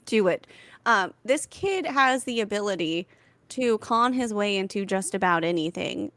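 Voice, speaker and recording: Animated woman telling stories on a podcast. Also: mid-range voice, moderate pace, no echo. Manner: animated storytelling with fillers. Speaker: podcast co-host. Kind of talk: casual comedic chat.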